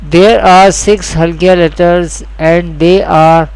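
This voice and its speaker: A man teaching Quran reading rules in a slow, deliberate lesson, repeating each key point and speaking English with a South Asian accent. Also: sits high, steady tone, a little mellow, clean tone, dry recording, rough recording. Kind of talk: slow scripted lesson narration.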